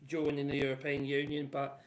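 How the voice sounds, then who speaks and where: A man's voice: a little high, monotone, a little fast. A man in his sixties rambling casually on a live stream and reading out chat messages while building a model. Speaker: livestream host.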